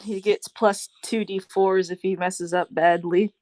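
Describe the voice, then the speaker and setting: A woman playing a tabletop game, chatting excitably and giggling often. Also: medium pitch, a little slow, no room sound. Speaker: player. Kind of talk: casual game chat.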